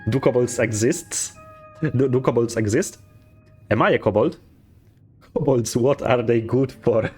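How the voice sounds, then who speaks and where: A man thinking aloud through a game in a casual let's play, with a mid-pitched, ordinary voice. He talks loosely, with swearing, self-corrections and little chuckles. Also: measured pace, a little mellow, husky, faint music behind.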